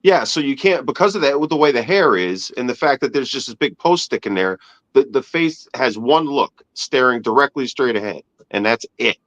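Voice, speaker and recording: Lively griping man, dull lo-fi sound. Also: mid-range voice, normal speed. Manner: griping, swears freely. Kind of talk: casual podcast banter.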